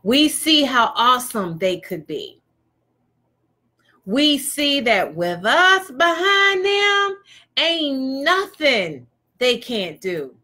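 High-voiced, slow, emphatic woman speaker. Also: big pitch swings, bright, forceful tone. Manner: emphatic, preachy, with rhetorical questions. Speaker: motivational speaker. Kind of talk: motivational talk.

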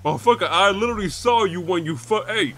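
A man's voice: sits high, lively intonation, fast talker, bright, forceful tone. A man streaming a game role-play as a pirate robber, brash and profane, throwing in growled pirate calls.

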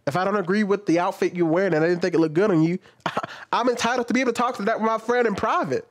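A man giving casual reaction commentary on a clip, animated and laughing, acting out retorts in a lower mock voice. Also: rapid-fire.

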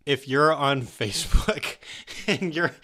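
Bright-voiced man, chatty podcast host. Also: on the high side, slow. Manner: chatty, laughs often, animated asides. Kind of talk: casual podcast discussion.

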